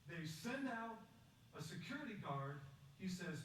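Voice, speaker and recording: A man's voice: high-pitched, lively intonation, a bit bright. Man giving an echoey, distant talk. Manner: measured, emphatic, with rhetorical questions. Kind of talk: prepared public talk with storytelling. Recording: echoey distant recording with faint background noise.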